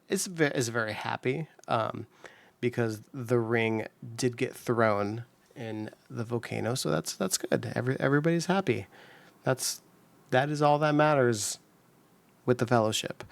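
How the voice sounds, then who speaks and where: A man's voice: medium pitch, gravelly, dry recording. A man hosting his puzzle channel, chatting casually and upbeat as he solves, with lots of fillers and restarts. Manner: rambling, upbeat, many fillers. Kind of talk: casual commentary while solving.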